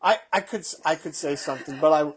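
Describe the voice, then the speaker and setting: A man's voice: a little high, quick pace, slightly rough. A man co-hosting a casual cocktail show as the bartender, joking bluntly and crudely and explaining drink facts like a short lecture. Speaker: co-host, bartender. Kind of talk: casual chat.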